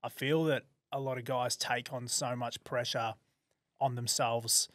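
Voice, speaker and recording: Australian man, podcast co-host, blokey easygoing chat, mid pitch, dry close sound. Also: flat delivery, fairly bright tone, no echo. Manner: blokey, agreeable, quick affirmations.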